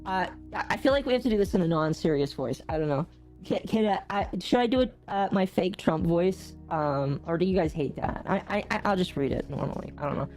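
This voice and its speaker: A woman streamer rants casually to her live chat. Her voice swings from low mutters to sudden high exclamations. Faint music plays quietly behind her. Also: brisk. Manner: animated ranting with big pitch jumps and laughter. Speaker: gaming streamer.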